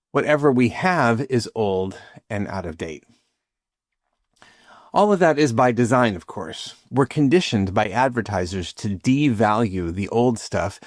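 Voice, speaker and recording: Man, podcast host, scripted narration, reflective, lightly humorous, mid-pitched, dry studio recording. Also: dry recording.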